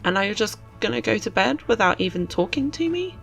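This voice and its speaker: A woman's voice: mid-range voice, sing-song, brisk, vocal fry, a bit bright, soft background music. A woman voicing a fed-up, exasperated young woman left to mind a baby. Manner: exasperated, complaining.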